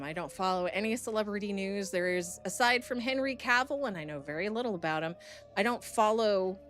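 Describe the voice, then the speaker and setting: Blunt, profane woman streamer, bright voice. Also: medium pitch. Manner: blunt and profane, heated when ranting. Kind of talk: casual storytelling to chat.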